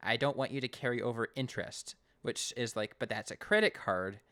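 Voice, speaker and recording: A man's voice: mid-range voice, brisk, a bit bright, smooth. A Canadian man co-hosting a podcast, casually recapping an episode and acting out lines in raised voices. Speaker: podcast co-host.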